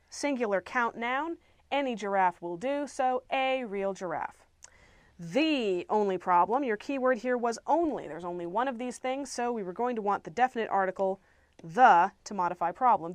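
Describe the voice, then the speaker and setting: A woman teaching an English grammar lesson, explaining clearly and patiently with playful asides. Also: mid-range voice, no echo.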